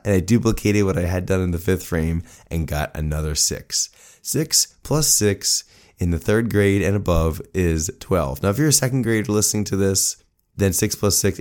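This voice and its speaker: Man, forties, deep voice, podcast host, animated self-mocking storyteller. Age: 40s.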